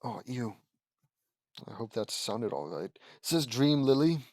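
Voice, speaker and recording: A man's voice: medium pitch, expressive, slow pace, long pauses, a little mellow, no room sound. A man casually reading a fan story aloud, breaking off into rambling, self-correcting asides. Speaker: audiobook reader and commentator. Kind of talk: casual read-aloud with commentary.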